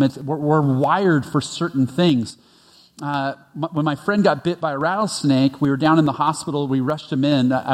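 A man preaches a sermon in a relaxed, conversational way, often restarting his sentences as he tells a story. His voice sits a touch higher than most men's, and it rings out with the long reverb of a large hall. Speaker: pastor.

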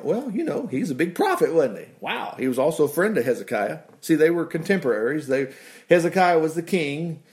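A man preaching a casual, folksy sermon, often laughing and dropping in "praise the Lord". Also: fairly high pitch. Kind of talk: conversational sermon.

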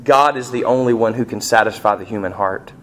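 A middle-aged man preaching a sermon, asking the congregation rhetorical questions and rising sharply in pitch and volume on emphatic points. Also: a little fast, a bit bright. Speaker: pastor.

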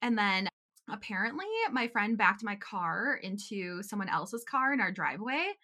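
A young adult woman co-hosting a podcast, telling a quick, chatty story about her school years with frequent giggles. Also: mid-range voice, sharp tone. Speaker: podcast co-host. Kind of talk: casual chat, storytelling.

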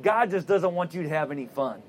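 A man voicing a sly, smooth-talking male serpent in a hushed, coaxing way during a sermon. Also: on the high side, lively intonation, brisk, slight background noise, close to an everyday voice.

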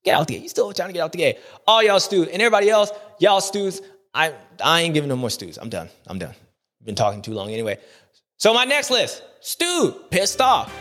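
A man's voice: on the high side, big pitch swings, a little fast, fairly bright tone, soft background music. A man hosting a recap show, talking in a playful, slangy, rambling way. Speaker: show host. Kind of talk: casual rambling recap monologue.

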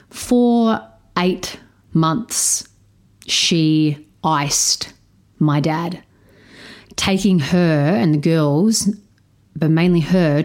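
A woman telling a personal story in casual, candid speech, swearing freely and acting out the dialogue. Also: a little mellow. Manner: candid, swears freely, repeats phrases for emphasis; acts out dialogue, voicing a girl higher. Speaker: storyteller sharing a parenting story.

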